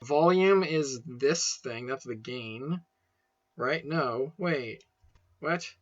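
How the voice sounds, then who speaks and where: A man's voice: mid-range voice, extremely slow, no echo, lo-fi sound. A young man rambling casually and swearing as he unboxes and sets up a microphone at home. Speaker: video creator. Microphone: desk microphone being set up.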